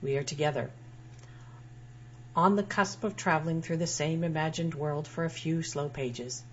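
Woman writer reading her own essay out loud, dry wry humor, bit low voice, muffled lo-fi audio. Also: normal speed. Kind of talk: reading a personal essay aloud. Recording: dull lo-fi sound with faint hum.

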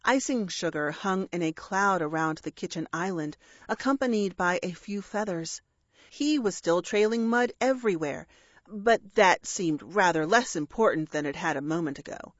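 A woman's voice: fairly low pitch, expressive, moderate pace, dry recording, lo-fi sound. A woman narrating an audiobook story with a dry, wry storytelling manner.

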